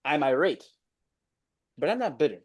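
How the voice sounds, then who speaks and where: A man's voice: on the high side, sing-song, normal speed. A young man, ranting about his football team on a casual reaction stream, exasperated and dramatic. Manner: exasperated, ranting, swings from mumbled gloom to loud outbursts.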